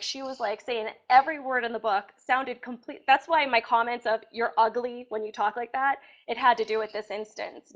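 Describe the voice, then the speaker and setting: A woman answering interview questions casually, chatty and animated, with acted-out quotes. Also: on the high side. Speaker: reality TV contestant being interviewed. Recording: dull lo-fi sound.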